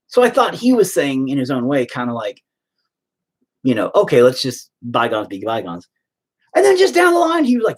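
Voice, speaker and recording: A man's voice: mid-range voice, huge pitch swings, moderate pace. A man hosting his own online show, telling a story in a profane, sarcastic, rambling rant full of fillers.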